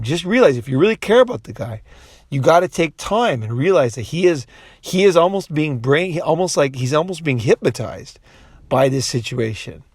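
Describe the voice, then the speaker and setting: A man's voice: fairly high pitch, dry recording, clean studio sound. A man in a casual, profane monologue who rambles, restarts often and puts on voices when he quotes people. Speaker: commentator.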